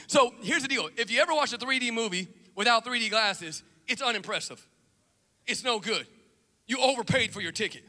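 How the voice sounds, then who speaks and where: A man preaching an animated church sermon, with shouted refrains and casual, chatty asides. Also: very high voice, fast talker, long reverb tail. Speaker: pastor. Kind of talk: energetic sermon.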